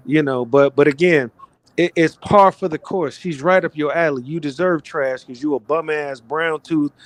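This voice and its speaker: A man's voice: fairly high pitch, dry recording. A man delivering an aggressive insult roast at someone.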